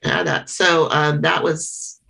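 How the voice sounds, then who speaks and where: Halting, earnest woman with a gravelly low voice. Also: steady tone, sharp tone, poor audio. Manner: halting and earnest, many pauses and restarts. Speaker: member sharing at a support meeting. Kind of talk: personal share at a small meeting.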